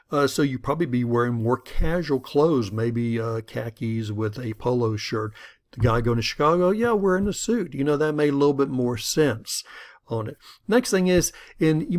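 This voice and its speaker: A middle-aged man teaching a lesson in a conversational storytelling way, sometimes acting out the people in his stories. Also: medium pitch. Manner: conversational, storytelling, acts out quoted voices. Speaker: instructor. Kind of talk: lecture with an acted-out story.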